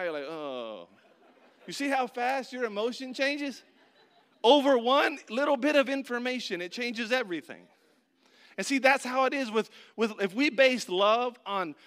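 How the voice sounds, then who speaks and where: A man preaching a sermon, telling a funny story with acted-out voices and speaking directly to his listeners. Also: sits high. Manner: animated storyteller, acts out voices and shouts; addresses the audience directly.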